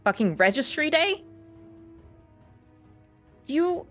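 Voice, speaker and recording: A woman voicing an angry young woman who swears and shouts at her mother. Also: medium pitch, expressive, slow, husky, faint music behind, pitched above the performer's own voice. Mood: furious.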